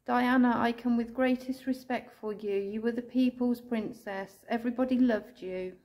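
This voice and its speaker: An English woman ghost hunter calling out to spirits indoors, speaking slowly and tenderly, sometimes tearful, recorded on a handheld camera. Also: a little high, steady tone. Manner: soft, pleading, slow and tender, calling out with endearments. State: tearful at times.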